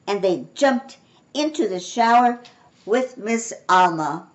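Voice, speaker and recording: An older woman reads a children's storybook aloud at a gentle, unhurried pace. Her pitch sits in a middling range, and she reads expressively, giving the characters' dialogue its own voices. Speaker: storybook reader. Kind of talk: reading a children's picture book aloud.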